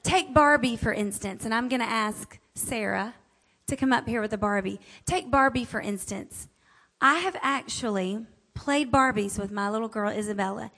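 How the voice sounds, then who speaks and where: A woman's voice: medium pitch, normal speed, fairly bright tone. A woman speaker giving an inspirational talk to a women's audience, emphatic and chatty, repeating affirmations, calling out amen and asking the room questions.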